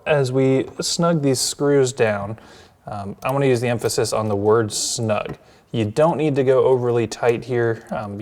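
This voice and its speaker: Casual man explaining a hands-on install. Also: lowish voice. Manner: relaxed, conversational, with frequent ums and uhs. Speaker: installation instructor. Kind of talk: step-by-step how-to demonstration.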